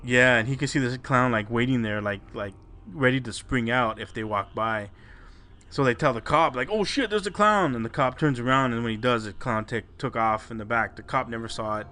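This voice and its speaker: A man's voice: medium pitch, steady tone, brisk, bright, forceful tone. A man co-hosting a podcast, casually retelling a listener's scary story with swearing and restarts. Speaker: podcast co-host.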